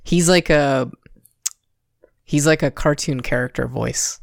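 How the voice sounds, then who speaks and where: A man's voice: a little high, slow, creaky, no room sound, studio quality. A young adult man co-hosting a podcast, chatting casually about a movie in a rambling way full of fillers. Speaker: podcast co-host. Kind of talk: casual film chat.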